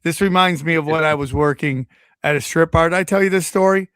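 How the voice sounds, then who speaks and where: A man's voice: a little high, brisk, smooth, no room sound, clean studio sound. A man hosting a podcast, chatting casually, swearing freely and acting out the people in his stories. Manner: animated, swears freely, acts out quotes. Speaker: podcast host. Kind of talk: casual chat, storytelling.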